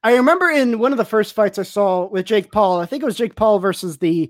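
A man's voice: sits high, animated, brisk, no room sound, clean studio sound. A young man from El Paso co-hosting a podcast, rambling in casual chat and laughing often. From El Paso, Texas. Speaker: podcast co-host.

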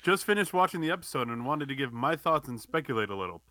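A man's voice: medium pitch, big pitch swings, fast, bright, forceful tone, dry recording. A man co-hosting a podcast, reading a listener's email aloud with side comments. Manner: reads steadily, adding side comments. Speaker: podcast co-host.

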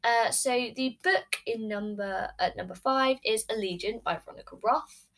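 A woman's voice: fairly high pitch, normal speed, fairly bright tone, poor audio. A woman talks to the camera about her favorite books, gushing and rambling, full of "um"s and restarts. She records it at home while sitting on her bed. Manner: chatty, gushing, rambling with many fillers. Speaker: book vlogger. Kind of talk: casual book ranking vlog.

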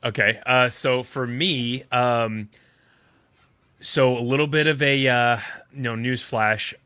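A man co-hosting a podcast in relaxed, rambling chat, laughing often. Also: mid-range voice, slow, smooth, no room sound. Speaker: podcast co-host and voice actor.

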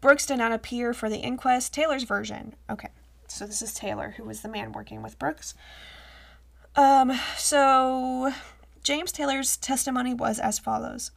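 Woman, podcast co-host, gravelly edge, slightly high voice, chatty, reads old reports with joking asides. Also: steady tone, moderate pace. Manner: chatty, laughs and jokes while reading. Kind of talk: casual chat reading old news reports.

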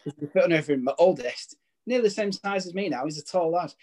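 A man's voice: high-pitched, lively intonation, quick pace, a little mellow. A British man in his thirties telling rambling, chatty stories. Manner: chatty, rambling storytelling with restarts. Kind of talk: casual chat.

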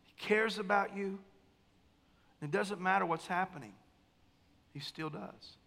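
Male pastor mid-sermon, bright and ringing tone, conversational call-and-response, long church echo. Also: sits high, unhurried, creaky. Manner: conversational, calls for amens, swings between quiet and emphatic. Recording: long hall reverb.

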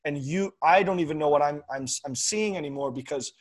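A man with a slightly raised voice talks earnestly in a relaxed conversation. He explains his point through a long analogy. He clears his throat every so often as he goes. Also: on the high side, brisk. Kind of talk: casual conversation.

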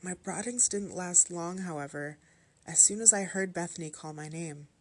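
A woman with a lowish voice reads a horror story aloud. Her delivery is measured and even, and it keeps a steady storytelling pace. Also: breathy edge. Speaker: story narrator.

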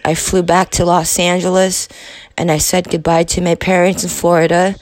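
A young woman in her twenties hosts a podcast, telling a personal story in a halting, profane confessional monologue. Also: on the low side, flat delivery, a little mellow, no room sound. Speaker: podcast host.

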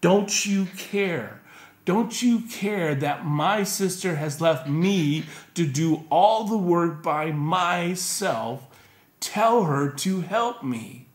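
A man's voice: fairly high pitch, animated, drawn-out words. A man voicing a frazzled, resentful woman who is fed up with doing all the work, in an exasperated, complaining tone. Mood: pleading complaint. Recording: echoey room.

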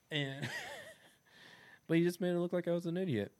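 A man in casual podcast chat, recounting a story with lots of swearing. He acts out the quotes in animated bursts and laughs between lines. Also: a little high, normal speed.

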